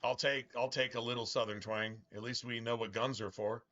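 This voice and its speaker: A man's voice: medium pitch, steady tone, normal speed, bright, forceful tone, muffled recording. A middle-aged man chatting casually on a live game stream, rambling and profane, with strong opinions. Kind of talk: casual live-stream chat while gaming.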